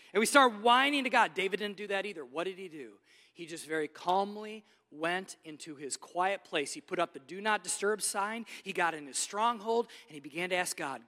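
A man with a high, bright voice preaches from the pulpit, pushing hard on key phrases and then dropping to a near hush. His words carry a long reverb through a large sanctuary, picked up by a stage microphone. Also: a little fast. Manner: preaches with big swings between loud emphasis and hushed softness. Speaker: pastor. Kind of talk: sermon. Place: church sanctuary.

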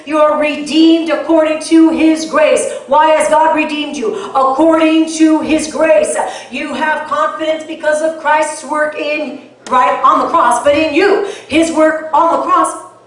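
High-voiced woman preaching in an echoey hall. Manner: emphatic, repeats key words for stress. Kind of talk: sermon. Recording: echoey hall, mic far off.

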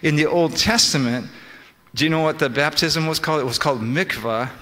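A man's voice: fairly high pitch, fairly quick, fairly bright tone. A man preaching a sermon, explaining scripture in restarting bursts and quoting the figures he talks about. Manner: explains scripture with many restarts and quoted speech. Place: church sanctuary. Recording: long church reverb.

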